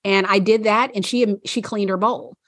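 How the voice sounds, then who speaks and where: A woman's voice: mid-range voice, fairly even intonation, normal speed, fairly bright tone, dry recording, studio quality. A woman podcast co-host chatting casually, rambling with many fillers and frequent laughs. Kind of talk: casual chat.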